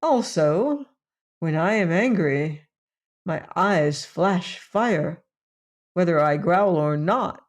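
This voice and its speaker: A woman's voice: lowish voice, animated, slow. A woman voicing a boastful but harmless male beast in an audiobook, proud and easily offended. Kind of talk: audiobook character voice.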